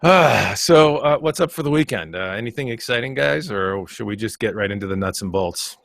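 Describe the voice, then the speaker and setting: A man's voice: mid-range voice, expressive, fairly quick, creaky, a bit bright, no echo, studio quality. A man hosting a casual tech webcast, joking with his co-hosts and often repeating words while he thinks. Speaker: podcast host.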